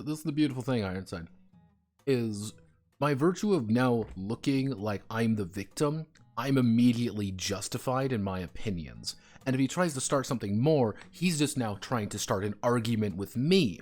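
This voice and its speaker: A man chatting casually on a stream, rambling with stumbling restarts and profane banter. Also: medium pitch.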